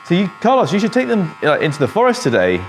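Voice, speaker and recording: A man's voice: high-pitched, huge pitch swings, quick pace, background noise. An English man working as a barber, chatting and telling jokey stories to his client while cutting hair in a barbershop. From England. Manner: chatty, joking storyteller.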